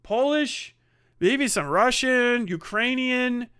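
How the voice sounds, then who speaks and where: A man's voice: very high-pitched, animated, takes it slowly, bright, forceful tone, clear, resonant tone, no echo, studio quality. A middle-aged man live streaming, reading donations in casual chat, profane and rambling. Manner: profane, rambling, laughs often.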